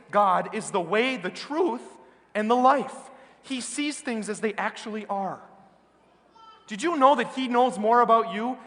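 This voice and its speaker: A man with an American accent preaching a sermon as a priest, earnest and emphatic, slowing down on key words. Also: extremely high pitch, a bit bright. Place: large church. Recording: reverberant church hall.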